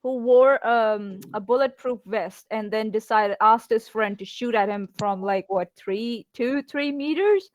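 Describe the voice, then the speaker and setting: A woman's voice: a little high, a little slow, hardly any pauses, rough recording. A woman telling a story on a call. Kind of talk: casual group video chat.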